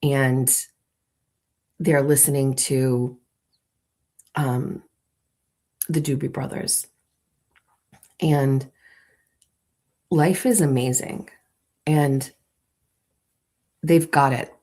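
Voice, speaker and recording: A woman's voice: extremely low pitch, fairly even intonation, very slow, long pauses, dark tone. A woman hosting a morning show, playfully walking her audience through an imagined scene in a theatrical storytelling manner. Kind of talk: comic storytelling to a live audience.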